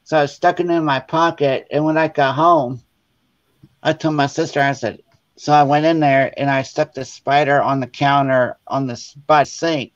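A man, a guest on a casual crafting chat, telling funny stories in a lively way and acting out the voices of the people in them. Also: fairly high pitch, normal speed. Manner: animated, acts out quoted voices. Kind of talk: casual storytelling. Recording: dull lo-fi sound.

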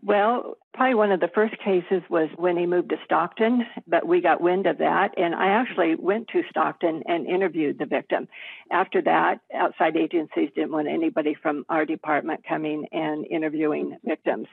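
A retired detective, a woman in her seventies, recounting old cases in a steady, matter-of-fact way. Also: sits low, moderate pace, creaky, breathy edge, dry recording. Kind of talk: recounting case memories in an interview. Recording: tinny phone line.

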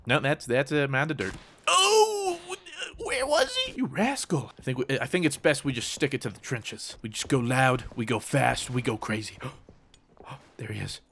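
A man commenting on his own gameplay, switching between mock-serious war narration and excited, jokey outbursts. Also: medium pitch, moderate pace, breathy edge. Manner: jokey, teasing. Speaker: gaming YouTuber.

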